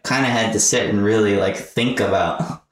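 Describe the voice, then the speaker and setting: A man's voice: fairly low pitch, steady tone. Man telling stories in an echoey room. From Southern US. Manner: quick anecdotal storytelling, laughing often. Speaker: guest comedian. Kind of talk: casual podcast chat. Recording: echoey room, distant mic.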